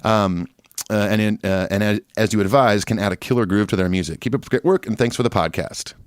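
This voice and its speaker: A man co-hosting a music podcast, relaxed and agreeable, reading listener emails with many fillers. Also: lowish voice, brisk, clean tone, no echo, studio quality. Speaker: podcast co-host.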